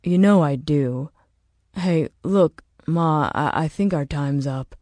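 A woman's voice: sits low, takes it slowly, warm tone, dry recording. A woman voicing a hesitant young man.

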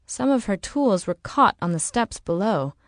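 A woman reading an audiobook in slow, measured, dramatic narration. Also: medium pitch, animated, no room sound, studio quality. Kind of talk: scripted narration.

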